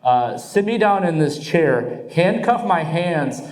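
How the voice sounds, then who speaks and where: A young man doing crude, animated stand-up storytelling on stage. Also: on the high side, slow pace. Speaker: stand-up comedian. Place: comedy club stage. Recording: roomy club sound. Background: audience laughter.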